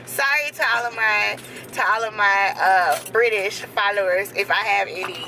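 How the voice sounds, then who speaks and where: A woman in her thirties, a vlogger chatting to her viewers in an animated, talkative way from a moving car, quick to laugh. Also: medium pitch, low-quality recording. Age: 30s. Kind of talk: casual chat to camera. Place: passenger seat of a moving car. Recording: road noise inside a moving car.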